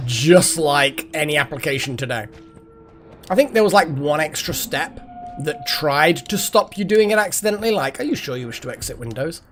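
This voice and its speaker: Male streamer, rambling casual chat, lively swings in pitch. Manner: rambling, chatty, swears and laughs often. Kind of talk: casual live-stream chat while gaming.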